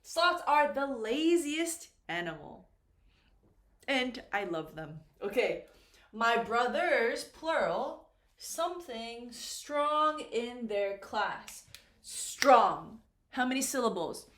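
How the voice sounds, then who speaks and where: A woman teaching English grammar, explaining slowly and patiently and asking learners questions as she goes. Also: fairly high pitch, very animated, a bit bright. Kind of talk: slow, clear classroom explanation. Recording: echoey room with faint noise.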